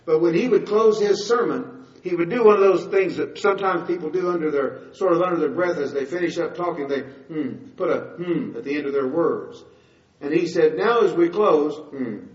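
Fairly quick and on the high side, an older man's voice carries a sermon in which he recounts his testimony like a conversation, with emphatic high points. The sound is distant, roomy, and dull.

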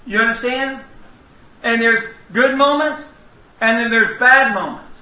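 A man's voice: very high-pitched, unhurried. A man preaching a sermon in a church, telling folksy, humorous stories. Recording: echoey hall, distant mic, dull sound.

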